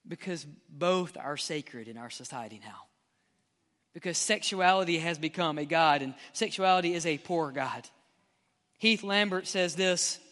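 Pastor guy preaching hard, gets loud then goes quiet, echoey church hall. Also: sits high, lively intonation, unhurried. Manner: impassioned preaching, swings between loud and hushed. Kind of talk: sermon.

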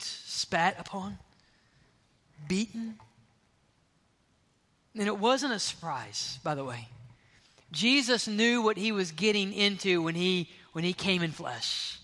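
A man preaching a sermon as pastor, passionate, swinging from loud, urgent lines to hushed near-whispers. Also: high voice. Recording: long reverb of a large hall.

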